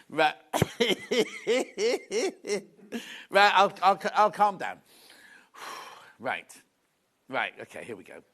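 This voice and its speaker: A man's voice: on the high side, sing-song, measured pace, long pauses, sharp tone. A man presenting a live shopping show from a TV studio, from the UK, giggling often as he reads viewer messages aloud.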